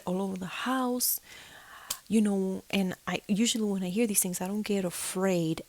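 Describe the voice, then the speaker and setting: A woman telling a personal story in a casual, animated way, mimicking sounds and dropping into whispers for tense moments. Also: mid-range voice, normal speed. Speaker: storyteller of a ghostly experience.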